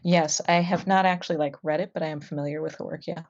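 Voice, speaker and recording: A woman with a low, deep voice hosts a casual podcast conversation. She muses aloud and fills her pauses with ums. The sound is dull and lo-fi. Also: fairly even intonation, a little mellow. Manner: musing, with many ums. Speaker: podcast host. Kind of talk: casual chat.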